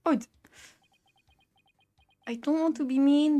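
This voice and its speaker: Giggly young woman, higher voice. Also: slow, pauses often, warm tone. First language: French. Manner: giggly, swears freely, chatty and playful. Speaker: let's play streamer. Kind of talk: casual gameplay commentary, reading dialogue aloud. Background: faint game music.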